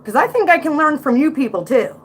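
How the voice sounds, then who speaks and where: High-pitched and brisk, this woman's voice swings widely in pitch. She's in her forties, has a Central Pennsylvania accent, and hosts a casual livestream where she reacts to music with blunt, outspoken commentary and preachy asides.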